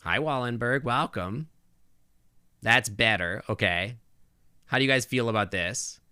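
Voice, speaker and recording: A man's voice: mid-range voice, a little slow, sharp tone, clean tone, no room sound. A male game streamer chatting casually with his viewers on a close desk microphone, thinking aloud with lots of restarts and asides.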